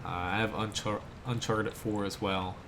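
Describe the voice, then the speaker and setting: A man's voice: on the low side, fairly even intonation, moderate pace, noisy background. Laid-back American man streaming a game. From South Jersey, USA. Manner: laid-back, chatty, answers chat between plays. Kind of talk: live gameplay commentary.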